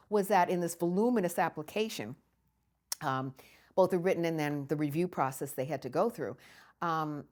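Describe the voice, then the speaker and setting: An older woman from the United States, recounting memories in an interview with lively storytelling and frequent laughter. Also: lowish voice. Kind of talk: oral history storytelling.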